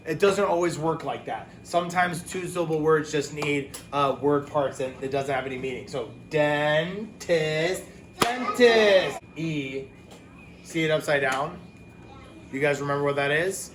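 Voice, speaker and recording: A man teaching a phonics lesson to young children, talking casually, with quick asides and self-corrections. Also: fairly high pitch, fairly even intonation, fairly bright tone, a little hiss or hum.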